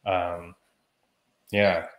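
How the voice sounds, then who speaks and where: A man with a fairly low voice tells a story on a podcast with rising heat and animation. His voice carries a noticeable echo from the room around him. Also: flat delivery, extremely slow. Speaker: podcast co-host. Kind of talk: casual chat.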